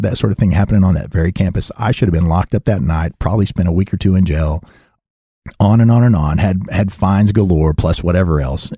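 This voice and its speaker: Guy, middle-aged, really low gravelly voice, husky, rambling candid story, laughs a lot. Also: mellow, no room sound, clean studio sound. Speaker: podcast guest telling his life story. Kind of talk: casual storytelling.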